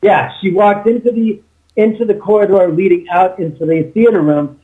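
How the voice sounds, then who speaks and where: A man's voice: sits high, normal speed. A man telling a spooky story from his home in a casual chat, acting out the people he quotes. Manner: animated retelling with quoted dialogue. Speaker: homeowner and YouTuber. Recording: tinny phone line.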